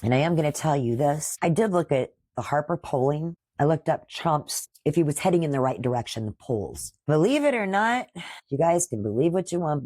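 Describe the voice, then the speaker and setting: A woman's voice: rumbling low, a little mellow, no room sound, clean studio sound. A woman in her sixties hosting a podcast, delivering a combative political commentary monologue and scolding opponents directly. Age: 60s. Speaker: podcast host.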